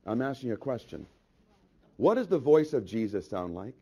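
A male pastor preaching a sermon, rising to loud reading of scripture and dropping to quiet prayer, pressing the congregation with repeated questions. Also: big pitch swings, brisk, vocal fry, breathy edge. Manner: swells loud on scripture then drops low and quiet. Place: church.

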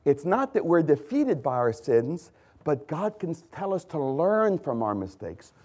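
A man preaching a sermon, swinging from loud emphatic lines to hushed ones and pausing to correct his own slips. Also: fairly high pitch, very animated. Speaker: pastor.

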